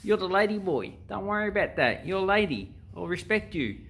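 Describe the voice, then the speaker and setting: A man putting on a coarse Australian bloke who yells across the room in a raised, high, swinging voice, swearing and bossing people around. The pitch jumps well above his normal talk. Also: sing-song, a little fast, full character voice. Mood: yelling, crude. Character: rude loud-mouthed male Aussie bloke barking orders.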